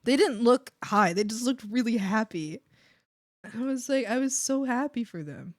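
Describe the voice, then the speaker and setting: A woman with a fairly high voice chats casually on an art stream. She is bubbly and giggly and fills her stories with "like". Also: lively intonation, moderate pace. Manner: bubbly, giggly, full of "like" fillers. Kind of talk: casual chat while drawing.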